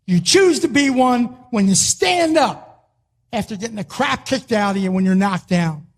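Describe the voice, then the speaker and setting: An older man giving a motivational speech to an audience, emphatic and repetitive, sometimes rising to a shout. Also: high voice, animated, normal speed. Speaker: motivational speaker.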